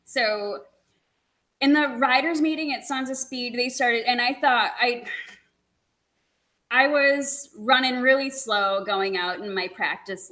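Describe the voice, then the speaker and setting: A woman guest telling a racing story in an animated, laughing, quick way. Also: fairly high pitch, rough recording. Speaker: guest, motorcycle racer. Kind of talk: casual storytelling chat.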